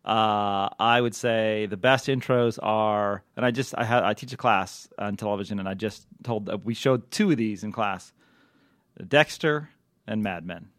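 A man's voice: lowish voice, normal speed, a bit bright, no room sound. Chatty man on a dry podcast mic. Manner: chatty, many fillers and restarts. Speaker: podcast co-host, TV critic. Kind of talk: casual podcast chat.

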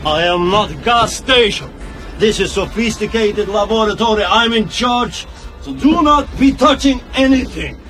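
Guy putting on a bossy russian cosmonaut, high-pitched, broken english, music playing. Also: lively intonation, a little slow, a bit bright. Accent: put-on Russian.

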